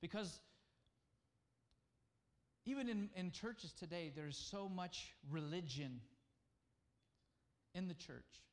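A man preaching a conversational sermon, at times dropping to a hushed voice to speak as God. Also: high voice, slow, pauses often. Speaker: pastor.

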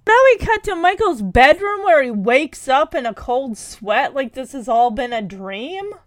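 A woman casually retelling a cartoon episode in a chatty, animated way, peppering her talk with "like". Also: high voice, a little slow, no echo.

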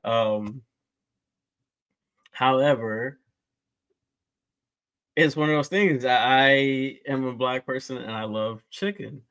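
A man with a mid-pitched voice talks on a casual podcast. He thinks out loud and restarts his sentences as he argues his point. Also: clear, resonant tone. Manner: thoughtful, works through his point in halting restarts. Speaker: podcast co-host. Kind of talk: casual chat.

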